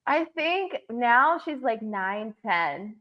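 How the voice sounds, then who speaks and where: A middle-aged woman co-hosting a casual chat podcast, excitable and gushing, quick to laugh. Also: on the high side. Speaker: podcast co-host. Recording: dull lo-fi audio.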